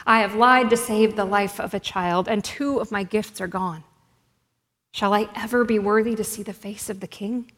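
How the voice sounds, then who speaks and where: A woman reading a quiet, earnest wise man. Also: mid-range voice, fairly even intonation, moderate pace, lightly acted. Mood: pleading prayer. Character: humble, devout traveling wise man. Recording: long hall reverb.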